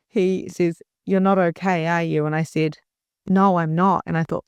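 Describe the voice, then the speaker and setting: A woman's voice: fairly low pitch, steady tone, measured pace, a little mellow, clear, resonant tone, dry recording. A middle-aged woman, a guest on a podcast, telling a personal story in an earnest, emotional way with frequent restarts. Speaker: podcast guest, spiritual mentor.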